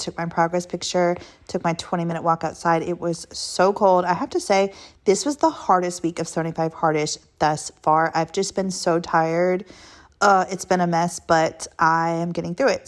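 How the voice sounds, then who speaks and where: A woman vlogging in a chatty, upbeat way, saying "y'all" and "girl", and at times out of breath from walking. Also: fairly low pitch. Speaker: weight-loss vlogger. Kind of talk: casual chat to camera.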